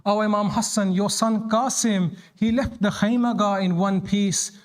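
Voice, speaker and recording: A male preacher tells stories in a sermon, raising his voice sharply for the lines he quotes. His voice sits a little higher than most men's. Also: steady tone, a little slow. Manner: dramatic, voices quoted lines with rising pitch. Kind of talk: sermon storytelling.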